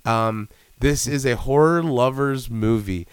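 A man's voice: mid-range voice, measured pace, clean tone, no echo. A man co-hosting a podcast who talks casually and animatedly about horror films, swearing and acting out scenes. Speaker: podcast co-host. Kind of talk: casual film chat.

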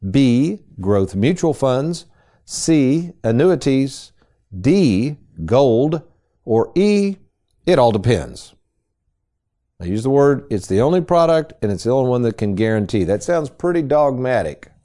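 Animated, mellow-voiced male radio host. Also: mid-range voice, unhurried. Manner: folksy, quizzing and explaining with emphasis. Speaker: retirement planning radio host. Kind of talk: conversational radio talk show.

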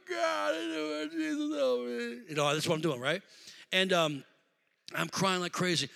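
Bright, high-voiced preaching man. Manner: storytelling, swings from quiet to shouting. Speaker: pastor. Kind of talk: sermon.

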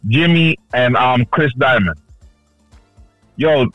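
A man co-hosting a casual podcast chat, telling stories loudly with lots of swearing and acted-out quotes. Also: mid-range voice, takes it slowly, dry recording, dull audio, soft background music. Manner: animated storyteller, loud and swearing, acts out quotes. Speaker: podcast co-host.

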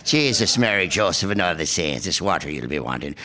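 A man's voice: deep voice, sing-song, a little fast, pushed and bright, pitched below the performer's own voice, heavily acted. A man putting on an evasive, chatty local, who answers every question with another question in a sing-song way. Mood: teasing lilt.

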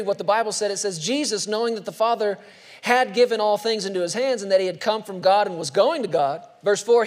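A man preaching a sermon from the pulpit, his voice sitting high. He slows way down and turns soft on key words, then lifts sharply for punchlines. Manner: dynamic preaching, slows and drops soft for emphasis, rises for punchlines. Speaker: pastor.

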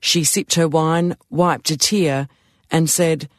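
A man reading an audiobook as narrator, in a measured, even storytelling manner. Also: fairly high pitch, no room sound, studio quality.

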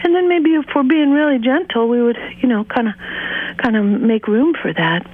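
A woman guest talking earnestly and gently in an interview, sometimes acting out inner voices. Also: fairly high pitch, moderate pace. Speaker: guest author. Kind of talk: casual interview talk. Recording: phone-line sound.

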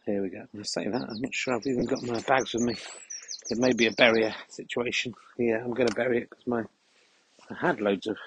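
A man hosting a podcast, talking in a deadpan, mock-serious ramble while walking a dog through the countryside. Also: medium pitch, fairly quick, slight background noise, low-quality recording. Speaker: podcast host. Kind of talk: comic rambling monologue on a walk.

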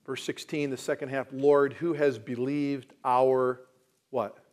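This pastor speaks slowly in a mid-range, level voice as he delivers his sermon. He alternates booming declarations with hushed asides and questions his congregation.

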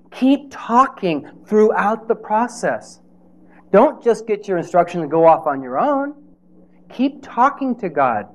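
A man preaching a sermon in a conversational way, with rhetorical questions and playful asides. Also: high voice.

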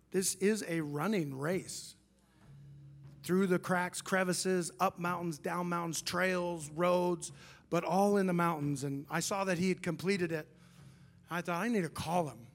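High-voiced pastor telling a story. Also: male voice. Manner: animated, self-deprecating storyteller, acts out a friend's lines. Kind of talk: sermon with storytelling.

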